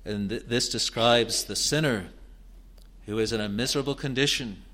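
A man preaching an expository sermon in a deliberate, earnest way, building to emphatic rises. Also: medium pitch, fairly bright tone, slight background noise.

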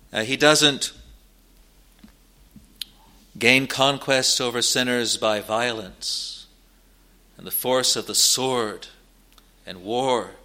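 Slow, bright-toned earnest male preacher. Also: medium pitch. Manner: slow, earnest preaching with rising emphasis and pauses. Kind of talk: sermon.

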